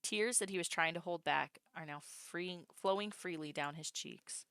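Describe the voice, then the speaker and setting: A woman streamer reading a story game aloud, breaking off into excitable, swearing reactions. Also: fairly low pitch, moderate pace, clear, resonant tone, no echo.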